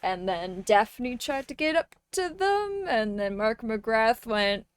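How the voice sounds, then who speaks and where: A woman's voice: medium pitch, expressive, measured pace, few pauses, smooth, no room sound. A woman streaming a game live, chatting casually with chat and ranting with plenty of swearing. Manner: profane, ranting, greets chat.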